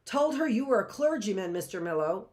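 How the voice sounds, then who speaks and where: A woman's voice: medium pitch, animated, fairly quick, a little mellow, natural voice. A woman voicing a plucky, plainspoken young boy in a storybook reading. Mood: cheeky. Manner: frank, plainspoken.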